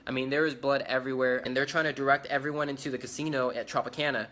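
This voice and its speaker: A man's voice: mid-range voice, steady tone, racing, sharp tone, a little hiss or hum. A man giving eyewitness testimony, recounting events urgently and speeding up as he relives the chaos.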